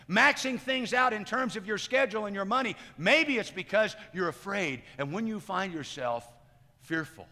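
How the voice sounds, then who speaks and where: High bright-voiced preacher in a hall. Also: male voice, expressive, moderate pace. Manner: swings between loud emphatic lines and hushed quiet ones. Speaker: pastor. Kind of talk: sermon. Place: church sanctuary.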